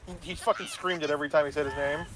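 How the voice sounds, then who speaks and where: A man's voice: on the high side, fairly even intonation, rapid-fire, noisy background. A man who runs tabletop games, casually retelling a session in a rambling way, swearing and asking "right?" as he goes. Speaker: game master. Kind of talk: casual storytelling about a tabletop game.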